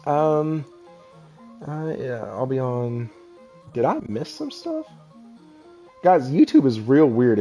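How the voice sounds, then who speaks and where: A young man with a drawl chats loosely through a gaming live stream, his voice mellow and warm. He rambles along and laughs often as he answers the chat, with faint music playing behind him. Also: mid-range voice. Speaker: podcast host.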